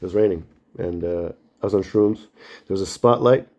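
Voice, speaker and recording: A man rambling through a spiritual monologue and story, animated, slangy and full of swearing. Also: deep voice, moderate pace. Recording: dull lo-fi recording.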